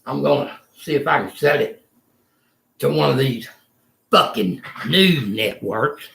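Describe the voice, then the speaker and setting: A man's voice: mid-range voice, lively intonation, unhurried, creaky, fairly bright tone, echoey room. An older man, ranting angrily and profanely in a rambling vlog monologue from a room in a retirement home. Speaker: vlogger.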